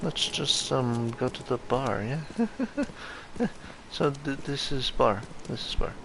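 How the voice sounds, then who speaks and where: A man hosting a let's play, reacting out loud, swearing and muttering to himself as he plays. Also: medium pitch, very animated, takes it slowly, creaky, background noise. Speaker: gaming channel host.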